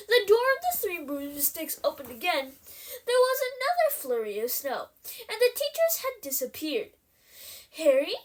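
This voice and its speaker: A woman reading a novel aloud in an expressive storytelling manner. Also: extremely high pitch. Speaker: reader.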